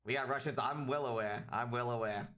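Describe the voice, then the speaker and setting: A man's voice: mid-range voice, fairly quick, fairly bright tone. A man with an Australian accent giving chatty, rambling solo commentary on a livestreamed match and talking straight to his chat. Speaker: esports caster.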